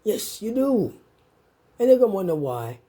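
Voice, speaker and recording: A woman's voice: medium pitch, sing-song, normal speed, dark tone, breathy edge. A woman in an angry, profane, direct-to-camera rant, taunting and confronting the listener. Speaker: vlogger.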